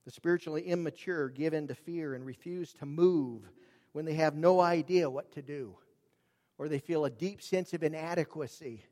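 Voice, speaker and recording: A man preaching a sermon, earnest and emphatic, dropping his voice low and raising it for emphasis. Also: moderate pace, darkish tone. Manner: earnest, emphatic, varies volume for drama. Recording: long reverb of a large hall.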